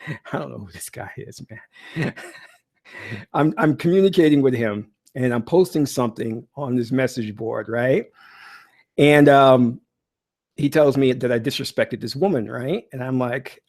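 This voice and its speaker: A man talking as a spiritual teacher in a casual monologue, telling stories in an animated, blunt and preachy way, with many fillers and restarts. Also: medium pitch.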